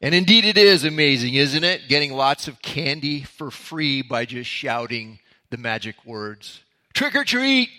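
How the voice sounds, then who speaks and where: A man's voice: mid-range voice, measured pace, few pauses, bright, forceful tone. A man, a pastor, giving a conversational Bible teaching that opens with a story from his own life. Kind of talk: sermon-style Bible teaching.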